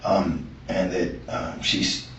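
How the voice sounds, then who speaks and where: A man being interviewed, giving an earnest, halting account of a conversation he recorded. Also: sits low, level tone, fairly bright tone, a little hiss or hum. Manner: earnest, halting retelling with restarts. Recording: echoey room, far from the mic, muffled.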